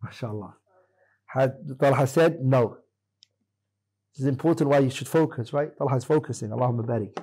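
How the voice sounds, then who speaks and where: Mellow, husky man quizzing his students. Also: mid-range voice, brisk, poor audio. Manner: questioning, corrects students firmly. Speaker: Islamic teacher. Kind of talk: classroom lesson quizzing students.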